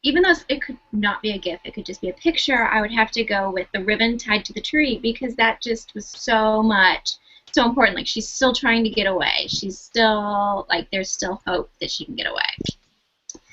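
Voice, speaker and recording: A woman's voice: mid-range voice, moderate pace, sharp tone. A woman in a casual fan discussion, thoughtful and earnest. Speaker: podcast co-host. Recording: muffled lo-fi audio.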